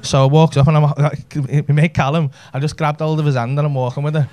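A man's voice: fairly high pitch, flat delivery, brisk, darkish tone, a little hiss or hum. A man, telling a brash, sweary story in a stand-up set. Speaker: stand-up comedian. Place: comedy club stage with audience laughter.

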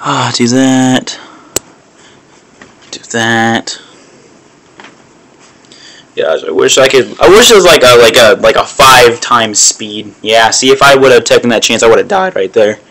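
A man's voice: medium pitch, steady tone, takes it slowly, pauses often, bright, forceful tone. A man crudely commenting to himself, with plenty of swearing, while playing a mobile game. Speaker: gamer.

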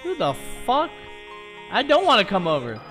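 A man's voice: high-pitched, wildly swooping pitch, moderate pace, a bit bright, soft background music. A man streaming a video game, chatting casually and trash-talking with constant profanity. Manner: brash, profane trash talk. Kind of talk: casual live-stream gameplay chat.

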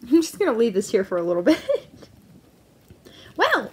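Giggly high-voiced woman vlogging her pet rats. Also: wildly swooping pitch, moderate pace. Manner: playful, giggly, scolding her pets fondly. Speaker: pet rat owner and channel host. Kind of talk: casual pet vlog commentary.

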